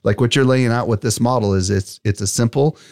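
A man's voice: medium pitch, a little fast, darkish tone, no echo, studio quality. A male podcast host, enthusiastic and conversational, who often checks in with "right?". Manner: enthusiastic, keeps saying "right?". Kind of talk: podcast interview.

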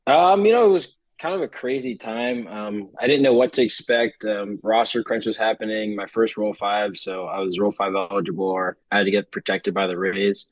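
A young man, a baseball player, telling stories in a relaxed casual interview with lots of fillers. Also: lowish voice, a little fast, few pauses, no echo, low-quality recording. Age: young adult. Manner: relaxed storytelling with many fillers.

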